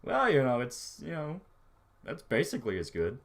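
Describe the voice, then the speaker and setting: A man's voice: medium pitch, huge pitch swings, moderate pace. A man chatting casually on a livestream, rambling and swearing freely as he reacts to his chat. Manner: rambling, profane, laid-back. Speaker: streamer reading chat.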